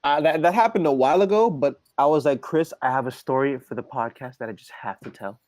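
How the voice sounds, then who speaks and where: A young man co-hosts a casual podcast and tells a story in animated bursts. He acts out each quote and restarts his sentences often. His voice sits at a middle pitch, and the recording is dry with no room sound. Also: fairly quick, no room sound. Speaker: podcast co-host.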